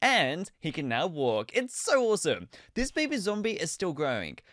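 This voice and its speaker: A young man hosting a game video, giving excitable commentary with frequent laughs and loud squeals. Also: on the high side, moderate pace, no echo, studio quality. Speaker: gaming video host.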